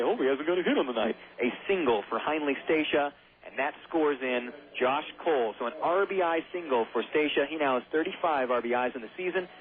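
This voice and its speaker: Jokey man calling baseball on tinny radio. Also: medium pitch. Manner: playful, rambling asides and goofy jokes. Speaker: radio play-by-play announcer. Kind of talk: baseball play-by-play commentary. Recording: tinny phone-like radio broadcast.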